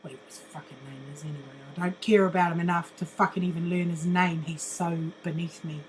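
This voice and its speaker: A woman's voice: on the low side, steady tone, fast, a little hiss or hum, poor audio. An older woman, ranting bluntly in a monologue, mocking and swearing constantly, laughing often. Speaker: vlogger.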